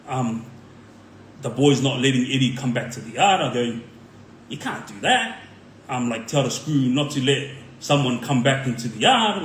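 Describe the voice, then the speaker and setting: In an echoey room with a bit of background noise, a man with a voice on the high side recounts his time in prison. The Australian ex-inmate rambles casually, heavy on slang and on "like" and "um."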